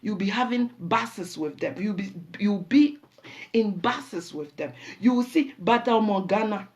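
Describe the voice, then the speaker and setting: Animated Ghanaian woman host. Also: medium pitch, measured pace. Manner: animated, preachy, mixes Pidgin and Twi phrases. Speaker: show host. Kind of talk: casual talk show monologue.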